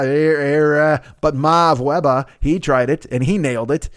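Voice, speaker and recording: A man's voice: fairly high pitch, normal speed, hardly any pauses, no echo, studio quality. An American man in his forties hosting a comedy podcast, talking in a rambling, profane, self-correcting way. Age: 40s. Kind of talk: casual rambling monologue.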